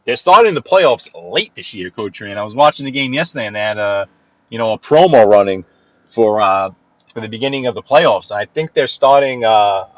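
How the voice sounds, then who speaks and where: A man's voice: on the low side, animated, a little fast, no room sound. Brooklyn man with a New York accent, live-streaming from behind the wheel, rambling and greeting viewers, dry and slightly muffled car sound. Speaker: livestream driving host. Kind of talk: casual live-stream chat while driving. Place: inside a car in city traffic.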